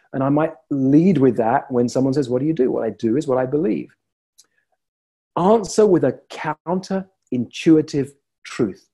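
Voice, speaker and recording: A male coach speaks in a soft, mellow tone with a slightly husky edge. He tells stories slowly and reflectively, leaving deliberate pauses between thoughts. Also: medium pitch. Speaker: leadership coach. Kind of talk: motivational talk to camera.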